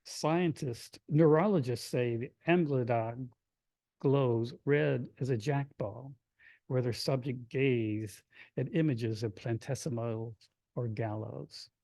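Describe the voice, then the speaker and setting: A man from Kentucky, a poet, reading his poems aloud in a hushed, measured way, with brighter chatty asides to an audience between them. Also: mid-range voice, no room sound. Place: reading event before an audience.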